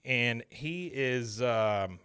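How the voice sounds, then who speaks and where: A man hosting a podcast, casually recapping an episode as an animated, rambling storyteller full of filler words. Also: mid-range voice, very slow, clear, resonant tone, dry recording, studio quality. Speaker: podcast host.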